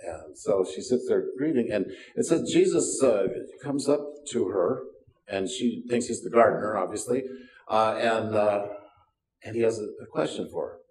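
A man's voice: on the low side, moderate pace, a little mellow. An older man preaching a sermon as pastor, folksy and self-deprecating, with wry asides. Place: church sanctuary. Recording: roomy sound from a distance.

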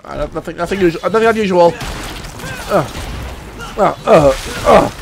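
A young man commentating his gameplay, excitable and profane, blurting sound effects as he plays. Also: high-pitched, normal speed, gravelly, noisy background. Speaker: gaming commentator. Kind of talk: let's play commentary.

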